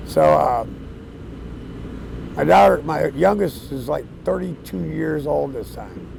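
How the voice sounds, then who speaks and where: Gravelly-voiced older man telling his story. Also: a little high, slight background noise, rough recording. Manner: plain-spoken, casual, with frequent fillers and soft chuckles. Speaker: interviewee sharing his life story. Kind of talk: candid storytelling.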